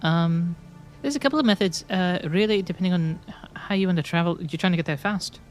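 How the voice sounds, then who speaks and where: Brief: a man doing a cheery female plant-creature barkeep, put-on Scottish lilt, pitched high and lively, faint music underneath. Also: fairly quick, lightly acted. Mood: friendly. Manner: sing-songy, helpful. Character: female Bayleef innkeeper, chatty and sing-songy.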